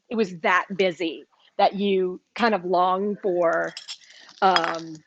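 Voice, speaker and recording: A middle-aged woman with a Southern US accent, hosting a live cooking demo in a chatty, enthusiastic way. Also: on the low side. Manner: chatty, enthusiastic, talks while eating. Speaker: cooking show host. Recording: dry, slightly dull livestream audio.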